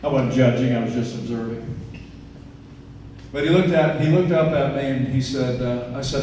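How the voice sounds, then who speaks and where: A man's voice: mid-range voice, normal speed, mellow, a little hiss or hum. Earnest man speaking in an echoey hall. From Indiana. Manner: earnest storytelling with folksy asides. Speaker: politician giving a campaign speech. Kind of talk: campaign stump speech. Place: event venue, large indoor room. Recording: echoey hall, distant mic.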